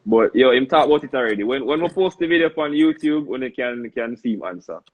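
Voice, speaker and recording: A man's voice: mid-range voice, animated, fast talker, phone-quality sound. A young Jamaican man hosting a casual live-stream interview, bantering loosely in patois. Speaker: host.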